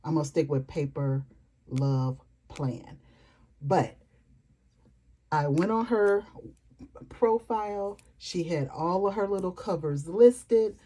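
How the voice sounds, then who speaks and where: A middle-aged woman, chatting excitedly and fast to her viewers in a home vlog, calling them y'all. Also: fairly low pitch. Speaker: planner vlogger. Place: home desk.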